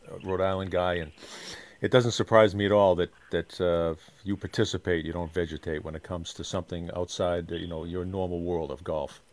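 A middle-aged man co-hosting a podcast, asking questions in a halting manner that trails off quietly. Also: low voice. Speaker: podcast co-host. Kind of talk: casual interview chat.

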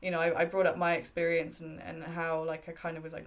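Lower-pitched woman in her thirties, candid. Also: monotone, fast talker. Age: 30s. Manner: candid, heartfelt storytelling. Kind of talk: casual chat.

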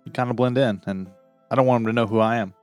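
A man's voice: mid-range voice, fairly even intonation, fast, darkish tone, clear, resonant tone, soft background music. A man playing a tabletop role-playing game, speaking with hesitant fillers and laughing between lines. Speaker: player. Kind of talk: tabletop game play, casual banter.

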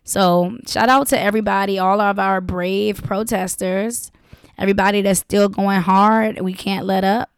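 A woman's voice: mid-range voice, steady tone, normal speed, smooth, no room sound, clean studio sound. A young woman talking straight to her viewers, blunt, profane and impassioned. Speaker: vlogger. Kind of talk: casual direct-to-camera talk.

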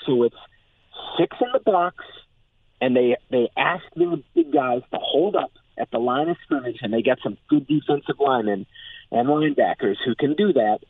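A man reporting on football as a phone-in guest, talking in an animated, excited way with lots of "like". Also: medium pitch, moderate pace, vocal fry, breathy edge, no echo. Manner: animated, filler-heavy, excited. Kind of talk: phone-in sports analysis. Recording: tinny phone line.

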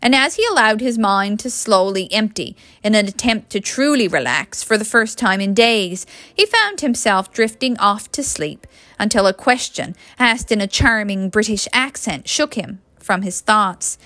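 Bright woman reading a story. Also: mid-range voice, expressive, moderate pace, no echo. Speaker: audiobook reader. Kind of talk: storybook narration.

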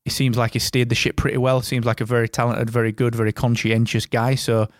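A man's voice: medium pitch, little pitch movement, fast talker, dry recording. A man hosting a casual podcast, chatty and rambling, with a close, dry sound. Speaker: podcast host. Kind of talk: casual chat.

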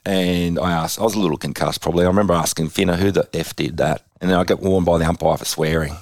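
A deep-voiced Australian man recounts an old match story with relish. He chuckles and drops into quick acted quotes as he goes. The recording is close and dry. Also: gravelly, dry recording. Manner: animated yarn-spinning with laughs and acted quotes. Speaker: former footballer. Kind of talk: interview anecdote.

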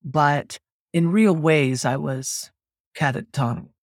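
Animated middle-aged singer telling stories. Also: medium pitch, takes it slowly, dry recording, studio quality. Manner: rambling and animated, with frequent restarts. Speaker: interview guest. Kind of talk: candid conversational storytelling.

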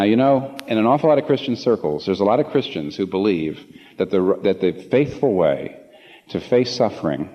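A man preaching a sermon to a congregation, passionate, repeating phrases for emphasis and swinging from low asides to emphatic peaks. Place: large room before a congregation. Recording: long hall reverb, slightly muffled.

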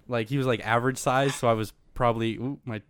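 A man's voice: mid-range voice, fairly even intonation, fast talker, fairly bright tone. A young man casually telling a story to a friend, swearing freely, laughing often and acting out both sides. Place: indoor room.

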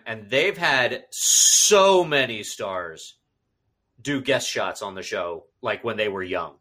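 A man co-hosting a podcast in casual chat, excitable and jumping to high squeals of surprise. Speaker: podcast co-host.

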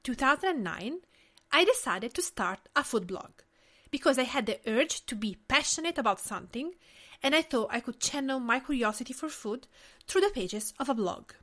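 This Tuscan podcast host, a woman in her late thirties with an Italian accent, speaks in a high, sharp-toned voice at a normal speed with lively intonation. Her delivery is scripted yet earnest and personal.

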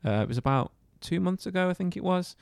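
A man's voice: high voice, expressive, quick pace, creaky, smooth, no echo. A man co-hosting a casual podcast, telling a story in a jokey, rambling way. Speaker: podcast co-host.

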